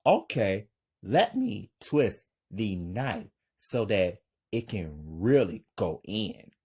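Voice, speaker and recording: A man reading a calm, stoic vampire hunter. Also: fairly low pitch, slightly rough, exaggerated voice. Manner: flat, calm, slow delivery. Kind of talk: amateur script read-aloud.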